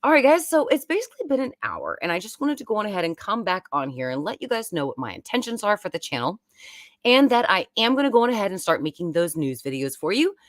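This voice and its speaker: A woman's voice: mid-range voice, very animated, fast talker, no echo, clean studio sound. A woman, hosting a casual, rambling live-stream chat from home. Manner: chatty and rambling. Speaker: YouTube host.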